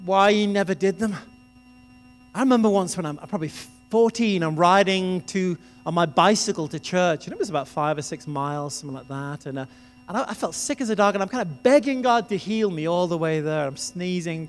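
A man preaching a sermon in a conversational, storytelling way. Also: high voice. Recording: reverberant hall with music behind.

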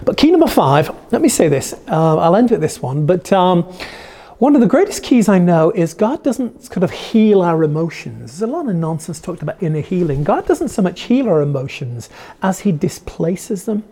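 A man's voice: high-pitched, sing-song, moderate pace, warm tone. A man preaching a sermon as a pastor, in an earnest, conversational way with frequent restarts.

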